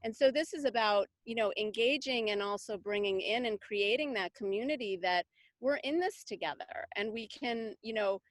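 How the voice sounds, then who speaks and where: A middle-aged woman talks about parenting in a loose, chatty way, circling back with fillers and restarts. Her voice sits a little high. The sound is close and dry, with no room around it. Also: normal speed, no echo. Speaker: parenting coach, summit guest. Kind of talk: casual conversational interview.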